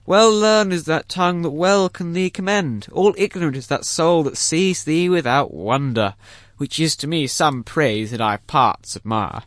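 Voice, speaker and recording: An actor playing a fawning, earnest country curate who recites verse. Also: male voice, fairly high pitch, a little slow, no room sound, clean studio sound. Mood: reciting. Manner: flattering, earnest. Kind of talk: stage acting in verse.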